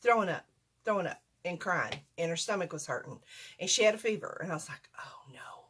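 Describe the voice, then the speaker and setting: A woman's voice: fairly low pitch, expressive, quick pace, fairly bright tone, slight background noise. Folksy older woman, rambling, self-deprecating storytime vlogger. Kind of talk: casual storytime.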